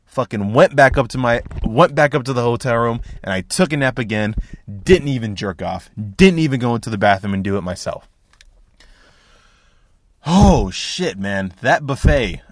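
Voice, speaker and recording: A young man hosting a podcast, telling a comic story in a loud, profane, animated way, with sound effects like boom and bang. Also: dry recording. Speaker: podcast host. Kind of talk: casual comedic storytelling.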